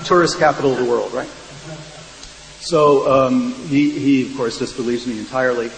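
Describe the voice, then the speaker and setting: A man's voice: mid-range voice, fairly even intonation, moderate pace. A man on a conference panel, telling a story to the audience in a dry, wry way. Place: large conference hall. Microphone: phone recording from the audience. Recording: echoey hall from far off, faint hum.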